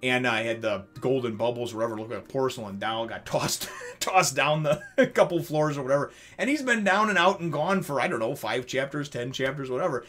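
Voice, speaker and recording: A man vlogging a casual, animated recap of a manga chapter from his desk at home, swearing freely and acting out the characters' lines. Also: mid-range voice, fairly quick, soft background music. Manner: animated, swears casually, voices quoted characters, laughs often. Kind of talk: excited casual recap to camera.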